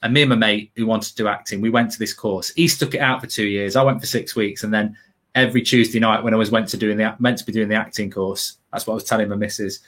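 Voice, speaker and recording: A man's voice: fairly low pitch, fairly even intonation, fast talker, a bit bright. Rambling man telling stories. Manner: rambling, laughing, self-mocking, lots of fillers. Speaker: football pundit. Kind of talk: casual storytelling chat.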